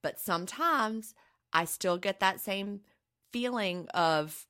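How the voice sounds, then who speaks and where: A middle-aged woman co-hosting a chatty podcast, with a bright, forceful voice that sits a little low. She speaks earnestly and reassuringly, drawing on her own experience. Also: measured pace. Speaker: podcast co-host. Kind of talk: casual podcast chat.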